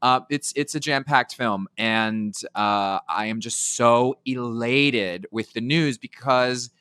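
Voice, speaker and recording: A man's voice: mid-range voice, slow pace, clean tone, no room sound. A man co-hosting a podcast, chatting casually and gushing as he tells stories. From United Kingdom. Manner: gushing, animated storytelling. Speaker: podcast co-host. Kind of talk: casual chat.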